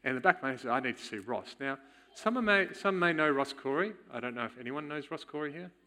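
Bright-voiced man telling his testimony. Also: mid-range voice, animated. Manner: candid, storytelling, quick chuckles. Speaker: church speaker. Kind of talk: personal testimony in a sermon.

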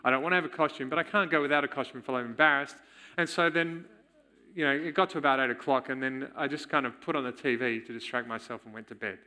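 Male church speaker, candid testimony, forceful bright tone. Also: mid-range voice. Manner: candid, storytelling, quick chuckles. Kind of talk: personal testimony in a sermon.

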